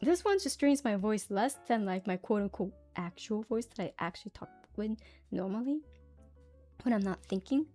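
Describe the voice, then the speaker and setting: A woman's voice: mid-range voice, lively intonation, moderate pace, warm tone, faint music behind. A woman streamer chatting casually with her viewers, giggly and full of fillers.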